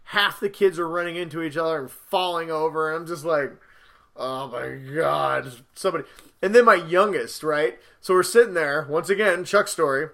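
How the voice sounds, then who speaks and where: High, bright-voiced animated dad. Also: male voice, brisk. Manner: animated storyteller, acts out his kids' lines. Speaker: podcast co-host. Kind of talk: casual podcast chat.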